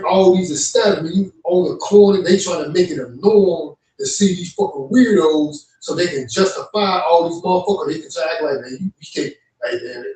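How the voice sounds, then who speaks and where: High-voiced, profane man in an echoey room. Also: darkish tone, recorded from a distance. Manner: blunt, profane, rambling. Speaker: co-host. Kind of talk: heated religious stream talk. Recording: echoey room, away from the mic.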